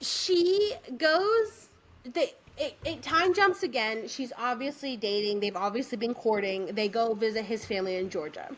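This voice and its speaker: A young adult woman co-hosting a podcast, chatting casually and retelling scenes in an animated, giggly way. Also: a little high, moderate pace, slight background noise. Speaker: podcast co-host. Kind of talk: casual chat.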